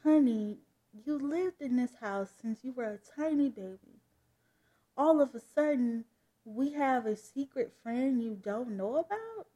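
A woman voicing a gentle adoptive mother who speaks softly and reassuringly in a comic book read-aloud. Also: high voice, lively intonation, measured pace, muffled recording. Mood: soothing. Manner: soft, reassuring.

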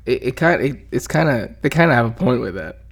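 A man's voice: medium pitch, expressive, quick pace, vocal fry. Rambling, joking young man on a podcast. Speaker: podcast co-host. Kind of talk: casual profane banter.

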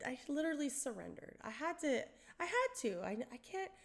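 A middle-aged woman spinning a personal story in a relaxed podcast chat. Her voice sits a little high, and she is animated, slipping into quoted voices, laughing easily and swearing casually. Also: a little fast, creaky.

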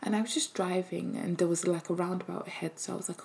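Woman giving a faith testimony: soft, hesitant delivery with a gravelly, mellow tone. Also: on the low side, fairly even intonation, quick pace. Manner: soft-spoken, often dropping to a breathy half-whisper; hesitant, with many fillers. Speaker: mother sharing a faith testimony. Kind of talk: personal testimony.

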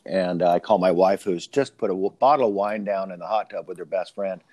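A man's voice: sits low, brisk, darkish tone, no room sound. A man hosting a casual conversation, telling long, rambling stories. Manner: rambling anecdotal storyteller.

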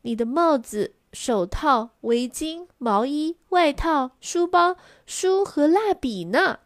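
A woman voicing a patient mother in a bilingual storybook, asking measured, listing questions. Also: medium pitch, sing-song, dry recording, clean studio sound. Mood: questioning.

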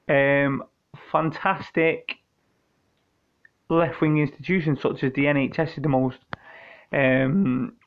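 Answering listener questions on his podcast, a British man rambles casually in a fairly high voice, swearing often and drifting from point to point. He cracks jokes and keeps restarting sentences, and the recording sounds muffled and lo-fi.

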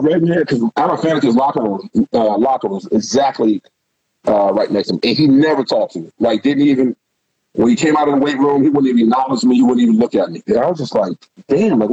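A former pro football player, a man, tells loose, profane stories from his playing days in a casual interview. His voice is husky. The recording is dull and lo-fi, with a dry sound. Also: mid-range voice, darkish tone, dry recording. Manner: candid, profane, loose storytelling.

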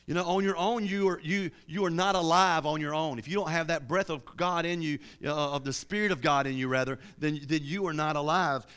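A man's voice: a little high, fairly bright tone. A man preaching a sermon with fervour, often repeating and restarting his words.

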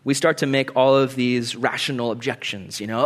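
A young man preaching a sermon in an animated way, acting out quoted voices and laughing easily. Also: medium pitch, moderate pace, few pauses. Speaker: pastor.

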